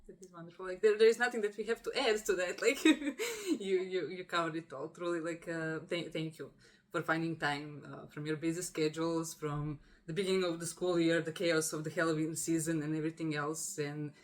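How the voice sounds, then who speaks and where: A young woman from Croatia, hosting a casual video-call interview, warm and effusive with many fillers and laughs. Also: deep voice, fairly even intonation, brisk. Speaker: podcast host.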